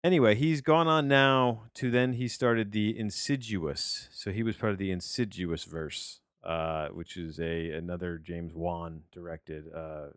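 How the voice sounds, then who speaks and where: A man's voice: deep voice, steady tone, unhurried, few pauses, clear, resonant tone, no room sound, clean studio sound. A man hosting a podcast, talking through a movie review in a casual, rambling way with many restarts and wry asides.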